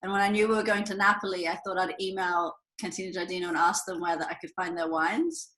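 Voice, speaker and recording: A woman's voice: on the low side, steady tone, fast, fairly bright tone. A woman in her thirties with an Australian accent, chatting as a guest on a video call, telling stories with frequent laughs. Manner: chatty storyteller, laughs often, trails off. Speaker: guest winemaker. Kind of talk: casual chat on a video call. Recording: echoey room over a video call.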